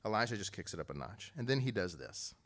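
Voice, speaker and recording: Animated man preaching a lively sermon. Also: fast talker. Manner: animated storytelling, acting out quotes with jumps in pitch and volume; conversational, joking asides to the congregation. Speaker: pastor.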